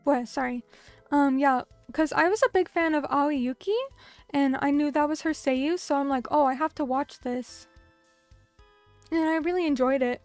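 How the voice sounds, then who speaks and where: Reading chat comments on her stream, a young woman reacts with bubbly, filler-heavy chatter. Her high-pitched voice keeps a moderate pace, there's no echo, and soft music plays underneath.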